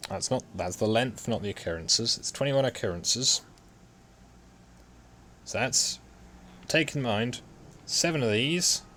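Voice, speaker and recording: A man's voice: medium pitch, a bit bright, a little hiss or hum. A man talking himself through a computer drawing in a casual, muttering way, with keyboard typing behind. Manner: muttering to himself, self-deprecating. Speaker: hobby modeller streaming CAD work. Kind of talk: casual talk-through while working.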